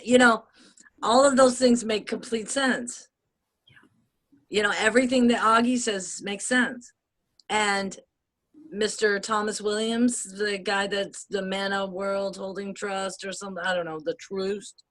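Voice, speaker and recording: Bright-voiced chatty American woman. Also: mid-range voice, measured pace. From United States. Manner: animated, laughs often, swears, rambling with restarts. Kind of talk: casual chat.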